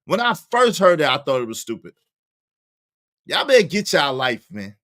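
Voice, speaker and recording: A man hosting a live stream, giving loud, animated commentary full of slang and frequent laughter. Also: a little high, normal speed. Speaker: livestream host.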